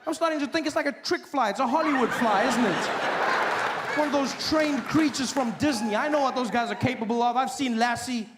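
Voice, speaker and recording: A man from Africa doing stand-up comedy, animated and mocking as he builds to each punchline. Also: very high voice, brisk, over a noisy crowd, heavy background noise. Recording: live hall with audience.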